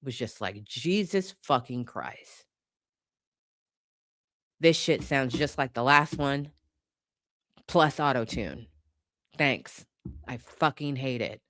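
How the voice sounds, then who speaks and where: A woman's voice: rumbling low, animated, unhurried, pauses often, fairly bright tone, dry recording, clean studio sound. A woman commentator in a casual opinion rant, blunt and profane, hammering her points by repeating them. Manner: emphatic, repeats points for force.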